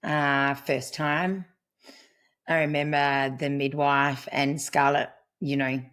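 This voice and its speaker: A woman's voice: low voice, flat delivery, slow, a bit bright. A middle-aged woman, a podcast guest, speaking earnestly in a reflective conversation and quoting what she once said. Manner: earnest, storytelling, quotes herself. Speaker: podcast guest, family constellations practitioner.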